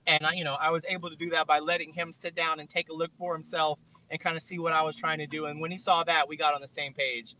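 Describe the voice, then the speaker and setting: Bright high-voiced man, rambling. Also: level tone, quick pace, hardly any pauses. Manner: rambling storytelling full of "like". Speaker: videographer and director. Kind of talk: casual chat. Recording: dull lo-fi online audio.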